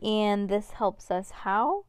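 A woman's voice: medium pitch, lively intonation, smooth, no echo. Woman voicing an impatient schoolgirl, storybook read-aloud, dry close voice. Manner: quick, impatient. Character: impatient, skeptical young schoolgirl.

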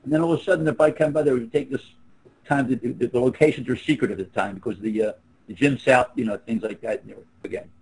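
A man's voice: mid-range voice, fast, a little mellow, breathy edge, low-quality recording. A man in his seventies, a guest on a video call, telling rambling anecdotes that trail off. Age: 70s. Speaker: interview guest. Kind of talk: casual storytelling on a video call.

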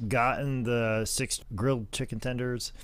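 A man's voice: medium pitch, fairly even intonation, unhurried, clear, resonant tone. A man co-hosting a podcast in casual chat, rambling through stories with a lot of profanity. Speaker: podcast co-host.

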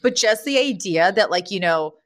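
This is a woman in mid-pitch with a lively, swooping voice, talking casually on a podcast. She recaps a TV episode in a chatty way and slips into quoted lines as she goes. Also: moderate pace. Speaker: podcast co-host.

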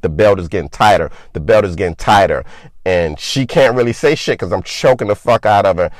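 Casting: young man, low voice, dry close sound, rambling profane storyteller full of fillers. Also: dry recording. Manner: loose and profane, heavy on filler words. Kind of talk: casual personal storytelling.

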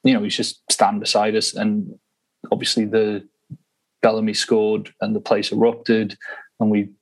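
A man with a fairly low voice co-hosts a casual football podcast. He talks through his memories in a relaxed way and laughs often as he tells them. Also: normal speed, poor audio. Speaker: podcast co-host. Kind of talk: casual chat.

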